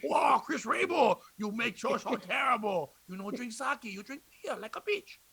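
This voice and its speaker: A comedian acts out an angry man who scolds while sobbing, wailing slowly and half-shouting. The pitch sits high and the sound is bright and dry. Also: very animated, vocal fry, slightly rough, no echo, heavily acted. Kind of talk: comedic impression.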